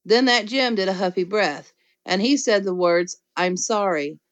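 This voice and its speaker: A woman narrating a children's storybook in first person, lively and playful. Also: medium pitch, normal speed, no room sound, highs cut off. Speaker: audiobook reader.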